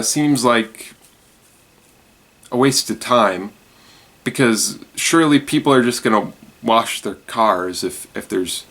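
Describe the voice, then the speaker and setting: Man, solo host of an offbeat news show; loose, halting delivery full of fillers and self-corrections. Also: lowish voice, a bit bright. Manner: hesitant, many fillers and restarts. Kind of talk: casual solo news commentary.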